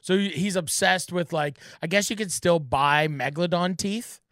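A man's voice: sits high, normal speed, dry recording, clean studio sound. A man co-hosting a casual podcast chat, telling stories with animation and acting out quotes. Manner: animated storytelling, acts out quotes loudly. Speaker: podcast co-host.

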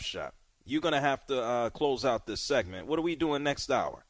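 A man's voice: medium pitch, lively intonation, normal speed, no echo. A man hosting a sports radio show in casual, conversational talk, trailing off and sighing as he goes. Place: radio studio. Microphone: studio mic.

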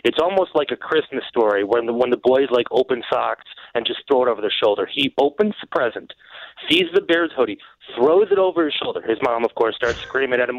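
A man calling in to a sports radio show, telling a rambling, animated story about his family. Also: mid-range voice, fairly quick, no room sound. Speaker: caller. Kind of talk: phone-in call. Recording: muffled radio broadcast.

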